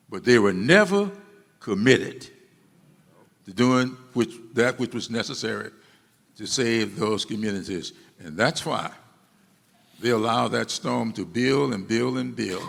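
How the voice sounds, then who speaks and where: Man, public speech, emphatic, gravelly voice, sharp tone, long hall echo. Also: medium pitch. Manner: emphatic, repeating key words for stress. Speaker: speaker addressing an audience.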